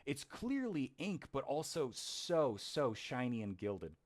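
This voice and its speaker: A man's voice: mid-range voice, sing-song, slow pace. A man narrating a tabletop game as game master, playful and often laughing. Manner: playful, laughing, with frequent restarts.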